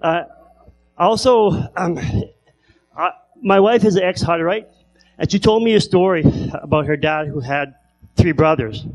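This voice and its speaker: A man doing stand-up comedy who stutters, telling stories with repeated word starts and long pauses. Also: high-pitched, rough recording. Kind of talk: stand-up storytelling.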